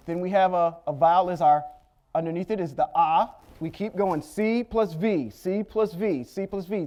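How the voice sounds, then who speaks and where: A high, slightly mellow male voice belongs to a Bible teacher leading Torah study. Step by step, he patiently covers Hebrew letters and vowels, tossing in small jokes and frequent "okay?" checks.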